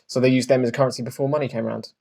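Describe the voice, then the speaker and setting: A man's voice: mid-range voice, fairly even intonation, rapid-fire, vocal fry, dark tone. A young man co-hosting a casual podcast chat, jokey and rambling, with tangents and filler words. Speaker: podcast co-host.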